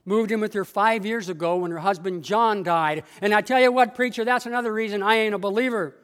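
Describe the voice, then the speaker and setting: A man's voice: high voice, moderate pace, a bit bright, long reverb tail. A pastor voicing a drunk, argumentative older farmhand who insists he does not believe. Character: drunk middle-aged male farmhand, gruff atheist.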